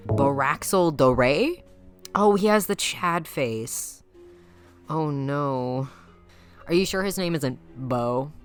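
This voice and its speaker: A woman with a low voice runs a teasing, mock-dramatic commentary, laughing often as she passes judgment. She speaks into a home mic with faint music underneath. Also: lively intonation, takes it slowly. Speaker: YouTuber judging viewers' game characters. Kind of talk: playful commentary.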